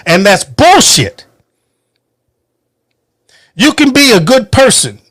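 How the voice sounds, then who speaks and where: Angry high-voiced man ranting, dry sound. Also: a bit bright, no room sound. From United States. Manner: heated, profane, emphatic ranting. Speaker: podcast host. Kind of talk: angry political monologue.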